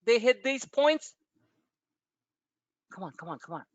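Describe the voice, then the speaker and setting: A man with a very high-pitched voice hosts a live stock-trading webinar at an unhurried pace. His talk is casual and animated, full of profane asides and tangents into his own stories, recorded without echo.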